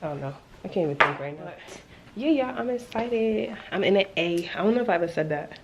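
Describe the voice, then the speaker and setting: A woman's voice: medium pitch, animated, a little fast, heavy background noise. A young woman in her twenties chatting casually to the camera, telling a story as a rant and laughing often. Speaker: vlogger. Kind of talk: casual vlog chat.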